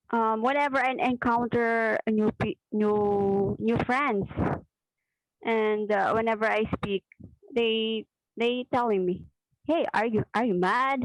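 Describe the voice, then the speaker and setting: Woman, trainee, hesitant, slow speech, dry video call audio. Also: fairly high pitch, fairly even intonation, no room sound, poor audio. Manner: hesitant, many fillers, laughs nervously. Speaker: trainee asking a question.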